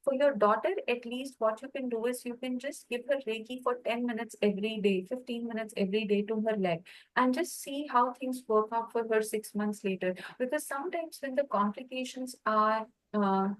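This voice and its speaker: A woman teaching a Reiki class, telling personal stories in a lively way and acting out the voices of the people in them. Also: a little high, normal speed, rough recording. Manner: lively storyteller, acts out quoted voices.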